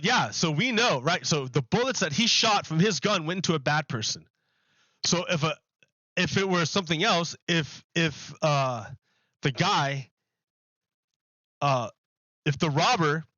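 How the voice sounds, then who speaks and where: Bright-voiced man rambling on a stream. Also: fairly high pitch, dry recording, lo-fi sound. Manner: rambling, repeats and restarts phrases while building an argument. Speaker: livestreamer. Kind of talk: casual live-stream talk to chat.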